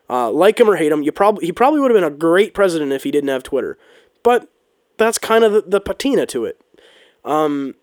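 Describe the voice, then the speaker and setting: A man's voice: high voice, no echo, studio quality. Heated man ranting. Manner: heated, ranting, swears, frequent restarts and ums. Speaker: political commentator. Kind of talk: casual opinion monologue.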